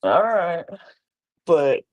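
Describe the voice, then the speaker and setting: A woman's voice: fairly low pitch, extremely slow. Chatty woman co-hosting a recap podcast. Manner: animated, acts out islanders' lines in character voices; rambling, admits she goes off track. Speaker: podcast co-host. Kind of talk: casual reality TV recap chat.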